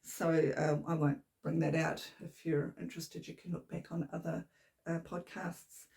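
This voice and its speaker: Deep and warm with vocal fry, this woman's voice moves little in pitch and keeps a measured pace, though it's slightly shaky. A New Zealander, she hosts a chatty, rambling knitting podcast from a home room, recorded by a camera on a tripod.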